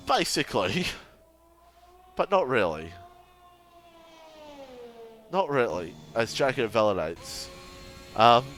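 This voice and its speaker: A man's voice: medium pitch, a bit bright, slight background noise. A young man commentating a sim racing league stream, chatty and laughing as he banters with chat and co-hosts. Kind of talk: casual live stream commentary.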